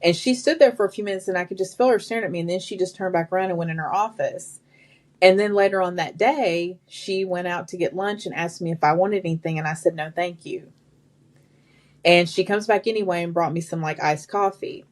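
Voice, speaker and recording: Low-voiced woman telling workplace stories. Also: quick pace. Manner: animated, quotes people in their own voices. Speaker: guest. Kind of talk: conversational storytelling.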